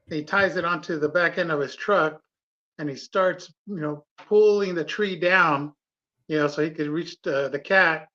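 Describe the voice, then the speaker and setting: A man's voice: fairly high pitch, fairly bright tone, muffled recording. A man on a livestream panel, telling long rambling stories with many fillers and restarts. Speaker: guest panelist. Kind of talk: casual chat on a livestream.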